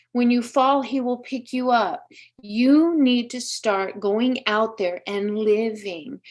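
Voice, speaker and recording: Earnest, emotional woman giving a psychic reading. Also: fairly high pitch. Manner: earnest, emotional, speaks directly to viewer. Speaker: psychic medium host. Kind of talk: live-streamed psychic reading.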